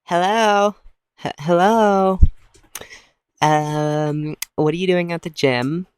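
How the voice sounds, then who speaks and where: Man doing shrill prying lady phone voice, scolding, high, dry close sound. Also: slow, smooth, no echo. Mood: nagging. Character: nagging woman phone voice, suspicious.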